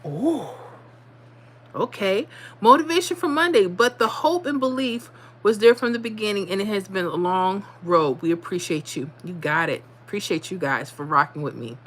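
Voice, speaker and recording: A woman's voice: mid-range voice, expressive, moderate pace, a bit bright. Blunt woman hosting a livestream. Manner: blunt, motivational, talks straight to viewers; repeats herself, drops into dialect. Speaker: livestream host. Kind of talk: casual livestream chat.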